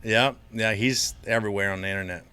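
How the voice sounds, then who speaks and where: Bright-voiced man telling stories. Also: on the low side, fast talker, clear, resonant tone, dry recording. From Florida. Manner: animated, acts out voices in his stories. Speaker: podcast guest. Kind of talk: casual storytelling.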